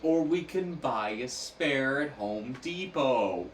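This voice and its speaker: A man's voice: medium pitch, lively intonation, slow pace. Male gamer, jokey and rambling, mic set far off in a noisy, echoing room. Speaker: gamer playing the game. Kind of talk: casual let's-play chat. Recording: echoey, distant mic, noisy background.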